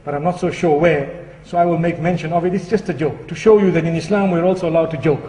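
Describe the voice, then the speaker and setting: Lively preacher in an echoey hall. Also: male voice, on the high side, quick pace, slight background noise. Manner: lively, chatty storytelling. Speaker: Muslim preacher. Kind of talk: sermon with a humorous story. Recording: echoey hall, distant mic.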